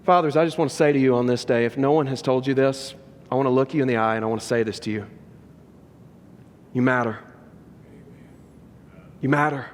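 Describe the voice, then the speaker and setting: A man pastor preaching a sermon with earnest, emphatic repetition. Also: a little high. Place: church sanctuary. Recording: long reverb of a large church hall.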